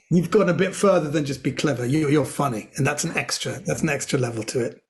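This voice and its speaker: Middle-aged man telling jokes, slightly high. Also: fast talker, few pauses. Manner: animated joke-telling, slips into voices for characters. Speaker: comedian guest. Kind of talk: casual storytelling chat.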